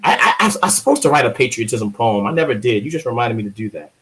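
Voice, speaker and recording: A man's voice: mid-range voice, very fast, poor audio. A man from Baltimore, a guest poet, chatting casually in an interview and telling joking, profane stories. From Baltimore, USA. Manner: joking, profane, lively storyteller.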